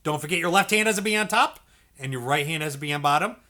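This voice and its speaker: Male music teacher, encouraging and patient, bright tone, a bit high, demonstrates by singing note syllables. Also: lively intonation, quick pace. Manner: patient, encouraging, repeats checks like okay and all right; sings syllables to demonstrate notes. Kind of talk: instructional video lesson.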